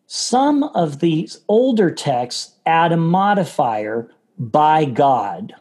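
A man's voice: on the high side, dark tone, breathy edge. A man preaching a sermon as pastor, earnest and repeating key phrases to stress them. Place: church.

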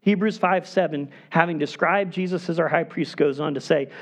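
A man preaching a sermon as a pastor, with emphatic delivery that falls to hushed, quiet stretches for emphasis. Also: on the high side, moderate pace.

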